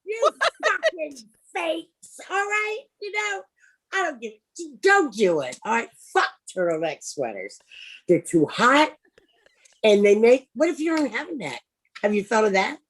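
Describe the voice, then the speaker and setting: A woman doing improvised stand-up on a livestream, brash and profane, swinging from loud outbursts to low mutters. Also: very animated, moderate pace. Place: home, over a livestream.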